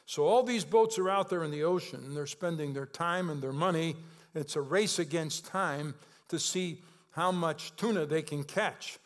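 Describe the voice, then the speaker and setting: A man preaching in a talky, conversational style, his voice sitting a bit higher than most men's. He swings between low, quiet stretches and louder, higher pushes when he drives a point home. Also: normal speed. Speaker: pastor. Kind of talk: sermon.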